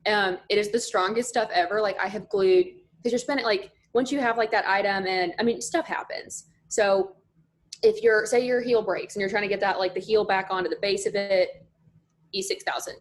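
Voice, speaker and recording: A young adult woman at a middle pitch, talking as a podcast guest. She rambles happily through her stories and scatters "like" through her sentences. Her tone is easygoing and conversational. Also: steady tone, moderate pace. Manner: chatty, storytelling, lots of "like" fillers. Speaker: podcast guest, pageant contestant. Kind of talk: casual podcast chat.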